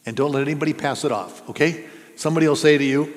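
A man with a fairly high voice talks fast as he preaches a sermon in a church sanctuary. He's a pastor, earnest and conversational, putting questions to his listeners. The recording carries the echo of a reverberant church hall.

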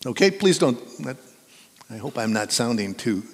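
A man's voice: mid-range voice, big pitch swings, moderate pace, husky. A middle-aged man preaching a sermon in a church, conversational and playful as he coaxes the congregation to join in. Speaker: pastor. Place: church sanctuary. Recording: long hall reverb.

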